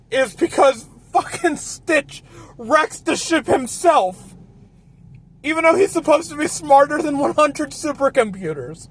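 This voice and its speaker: A man hosting a casual film review chat, ranting and swearing a lot. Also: high voice. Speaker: host.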